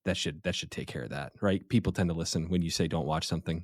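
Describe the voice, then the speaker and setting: A man's voice: sits low, quick pace, no echo, clean studio sound. A man hosting a podcast, teasing his guest with playful quiz questions in casual chat. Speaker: podcast host.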